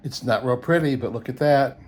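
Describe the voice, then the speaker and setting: Chuckling and thinking aloud, a folksy, easygoing middle-aged man chats casually while sorting coins on camera for his coin roll hunting video. He talks fairly quickly in a medium-pitched voice, alone on screen.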